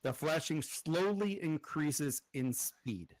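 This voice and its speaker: A man acting as game master, narrating the scene and explaining rolls in a relaxed way with fillers. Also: fairly high pitch, slow, rough recording. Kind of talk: narrating and running a tabletop game.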